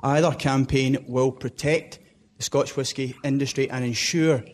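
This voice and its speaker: A man's voice: mid-range voice, fairly even intonation, moderate pace. A man from Glasgow with a Scottish accent, an audience member, chatty and good-humoured.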